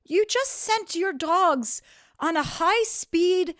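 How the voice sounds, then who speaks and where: A woman quoting her brother as a stern, blunt man with a deadpan delivery, inside a story she tells. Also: fairly low pitch, normal speed. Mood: incredulous.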